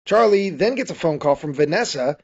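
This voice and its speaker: A man's voice: fairly high pitch, animated, brisk, a little mellow, slightly rough. Podcast host, male, slightly raised voice, rambling casual recap, muffled lo-fi sound. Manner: rambling recap with frequent restarts and laughs. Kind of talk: casual movie recap chat.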